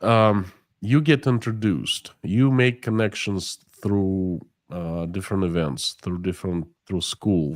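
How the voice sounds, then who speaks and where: A man, his voice sitting on the low side, talks through an interview in a loose, animated way. He slips into quick voices for the people in his stories, with restarts along the way. The sound is dry and close, with little room around it. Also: no echo. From Russia. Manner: animated storyteller, acts out dialogue, many restarts. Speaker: guest. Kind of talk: casual interview chat.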